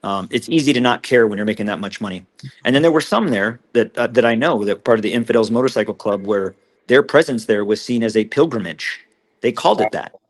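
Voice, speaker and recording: A man, recounting what he witnessed as a guest in an interview, earnest and halting with frequent restarts. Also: lowish voice. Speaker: whistleblower guest.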